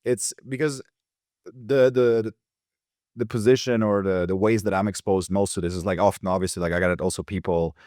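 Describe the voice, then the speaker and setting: A man hosting a podcast interview, searching for words and circling back with lots of fillers. His voice sits a bit low. The recording is dry. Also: steady tone, darkish tone, no room sound. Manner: hesitant, halting, many fillers. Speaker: podcast host. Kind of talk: casual interview chat.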